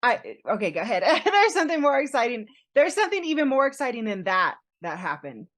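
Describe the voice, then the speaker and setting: A woman co-hosting a podcast tells a personal story in casual conversation, speaking a little high and briskly. She is animated, laughs often and acts out what other people said.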